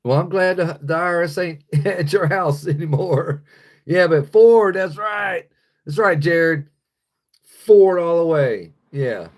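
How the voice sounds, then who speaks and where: Taking it slowly in a fairly high-pitched voice, an American man hosts a livestream and reads chat, ranting with anger and profanity.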